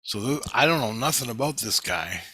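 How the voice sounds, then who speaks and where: In a fairly quick, expressive delivery, a vlogger tells a long rambling tale of his dreams, swearing often and acting out what others said. His mid-range voice sounds pushed, bright and slightly rough, with no echo.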